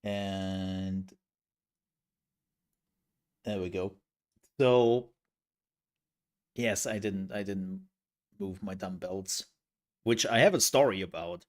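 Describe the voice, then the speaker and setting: Man streaming, low-ish voice, slow rambling chat, laughs a lot. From outside the US, from a country with universal healthcare. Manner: rambling, chatty, frequent laughs and fillers. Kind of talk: casual livestream chat.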